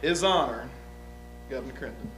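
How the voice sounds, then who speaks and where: A man's voice: mid-range voice, a little fast, a bit bright, a little hiss or hum, lightly acted. A man playing a young, uneducated outlaw on the witness stand, talking in a folksy, rambling, hesitant way. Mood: guarded. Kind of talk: improvised courtroom drama.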